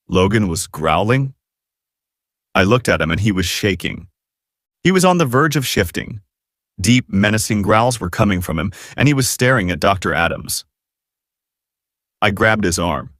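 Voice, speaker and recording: A man's voice: lowish voice, animated, normal speed, long pauses, a bit bright, no room sound, clean studio sound. A man narrating a romance novel audiobook in the first person, with dramatic, emotive storytelling.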